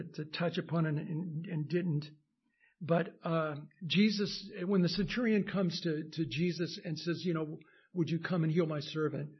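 Husky-voiced pastor preaching in halting bursts. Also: male voice, a little high, muffled recording. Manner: halting, many fillers and restarts, building to emphatic peaks. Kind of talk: sermon.

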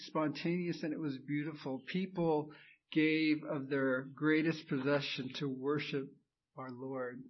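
A man's voice: a little high, highs cut off. A man preaching a sermon as pastor, emphatic and building to fervent exclamations.

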